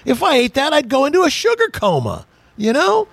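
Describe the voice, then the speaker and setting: Older man, radio host, jokey storyteller, high lively voice, dry close sound. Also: a little fast, gravelly, dry recording. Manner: jokey, storytelling, laughs often. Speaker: radio car show host. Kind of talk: casual chat.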